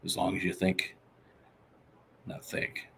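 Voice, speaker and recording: A man's voice: slow pace, fairly bright tone, a little hiss or hum. A man hosting a casual live show, reading viewer comments and boasting about himself in the third person. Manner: reads out and answers viewer comments. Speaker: podcast host. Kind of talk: casual live-stream chat.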